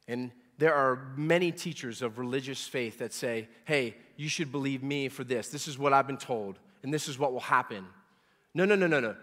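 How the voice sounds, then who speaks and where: Pastor, 40s, male, mid-pitched, emphatic preaching style, long reverberant hall sound. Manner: emphatic preacher, repeating words and swelling loud on key points. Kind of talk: sermon.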